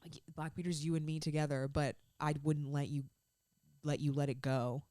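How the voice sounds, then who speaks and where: A woman co-hosts a casual fan podcast, talking through scenes she loved in a rush of feeling. Her voice sits low, and the sound is dry and close. She strings thoughts together with plenty of "like.". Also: flat delivery, normal speed, dark tone, no echo. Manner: gushing, emotional recap with many "like" fillers. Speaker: podcast co-host.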